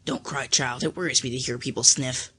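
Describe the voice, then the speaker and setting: An audiobook reader voicing a gruff, sharp-tongued old aunt who scolds, raised in pitch. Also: fairly even intonation, brisk. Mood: scolding. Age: older.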